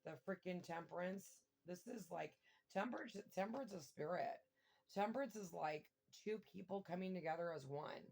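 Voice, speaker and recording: A woman giving a casual tarot reading, thinking aloud and breaking into excited exclamations and mild swearing. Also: on the low side, moderate pace, creaky. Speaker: tarot reader.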